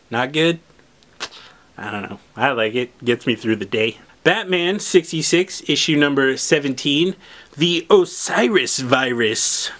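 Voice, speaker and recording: A man hosting a casual unboxing video, chatty and excitable, talking straight to his viewers. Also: on the high side. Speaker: comic shop host.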